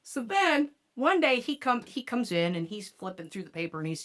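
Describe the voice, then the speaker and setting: A woman's voice: on the high side, moderate pace, hardly any pauses. A woman hosting a podcast in a casual chat, telling stories bluntly and with plenty of cursing. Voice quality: profane, blunt. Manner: animated storyteller who acts out other people's lines. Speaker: podcast host.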